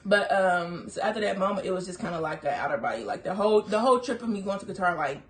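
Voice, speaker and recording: A young woman telling a story to viewers, animated, quoting herself and saying "like" often. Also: mid-range voice, fast talker. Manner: animated, quotes herself, frequent "like". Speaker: co-host of a couple's channel.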